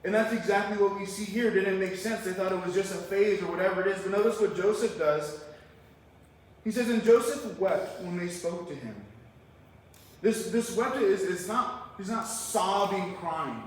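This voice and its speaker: A man preaching a verse-by-verse sermon, his voice sitting high for a man. He keeps it conversational and tosses rhetorical questions at the congregation. The sound is distant and bathed in heavy hall echo, with faint room noise underneath. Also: lively intonation, moderate pace. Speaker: pastor. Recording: echoey hall, mic far off.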